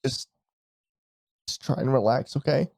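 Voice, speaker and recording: A man voicing a grieving father who speaks softly to comfort his dying son. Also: medium pitch, measured pace, vocal fry, no echo, clean studio sound, pitched above the performer's own voice. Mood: consoling. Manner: soft, comforting speech. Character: grieving father, soft and consoling.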